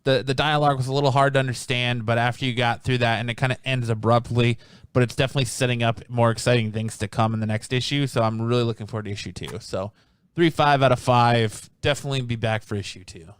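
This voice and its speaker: A man hosting a laid-back comic review chat, his voice smooth and resonant in a dry, close space. He rambles through each summary, doubling back and filling pauses with ums. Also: mid-range voice, steady tone, no room sound. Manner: rambling, restarts often, many ums. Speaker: comic book reviewer, podcast host.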